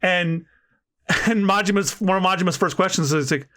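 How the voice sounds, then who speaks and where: Bright-voiced animated man podcaster. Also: high-pitched, moderate pace. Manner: animated, rambling, laughs as he talks. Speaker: podcast co-host. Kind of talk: casual chat.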